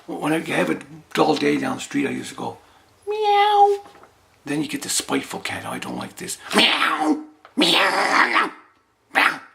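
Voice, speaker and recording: A man's voice: medium pitch, gravelly, a bit bright, slight background noise. A man doing a rambling comic commentary on his own tall tales, dryly repeating that it was all boring.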